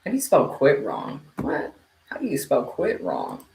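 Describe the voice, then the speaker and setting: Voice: medium pitch, huge pitch swings, moderate pace, creaky. Livestream host, playful teasing chat, laughs a lot, echoey room, faint background hum. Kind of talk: casual chat with viewers.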